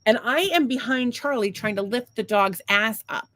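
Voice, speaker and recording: A woman's voice: on the high side, normal speed, a bit bright, no echo. A woman co-hosting a podcast, telling a long story in a casual, rambling, profane and self-mocking way. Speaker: podcast co-host.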